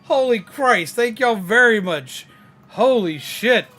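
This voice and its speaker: An excitable, frazzled man streaming a game live, his voice very high and lively as he exclaims and thanks his viewers. The tone is bright, with faint game music behind. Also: slow pace. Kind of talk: live gaming stream chat.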